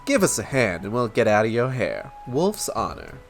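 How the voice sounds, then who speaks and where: A man voicing a charming, smooth-talking male rogue in a game, with a theatrical British-tinged drawl. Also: lowish voice, huge pitch swings, normal speed, soft background music, heavily acted. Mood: roguish.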